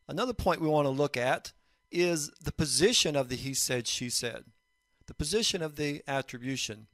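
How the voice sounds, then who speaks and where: A man teaching a recorded lesson on writing fiction, explaining points in a measured way. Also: on the high side, no echo, studio quality. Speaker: college instructor.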